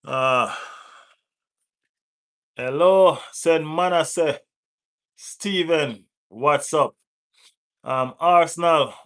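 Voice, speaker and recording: A man with a West Indian accent hosting a live football watch-along, giving shout-outs to viewers in the chat, laughing and teasing rival fans. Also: a little high. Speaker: football channel host.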